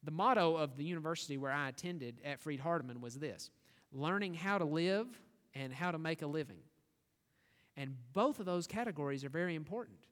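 A high-pitched man preaches, pressing his listeners with earnest rhetorical questions. His voice rings out with a long reverb that fills the church hall. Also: a bit bright. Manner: earnest, rhetorical questions, rising to emphatic reading. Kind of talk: sermon.

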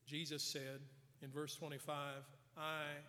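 An earnest man preaching in a church sanctuary, his slightly high voice carrying a long hall reverb. He retells scripture with voiced quotes and drops soft for emphasis. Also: flat delivery, slow pace. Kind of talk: sermon.

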